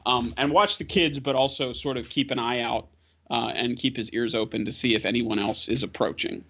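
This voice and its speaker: A man's voice: mid-range voice, fairly even intonation, moderate pace, gravelly, bright, forceful tone, breathy edge. A man playing a tabletop game, describing his character's actions hesitantly with lots of filler. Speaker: player. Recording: slightly dull lo-fi audio.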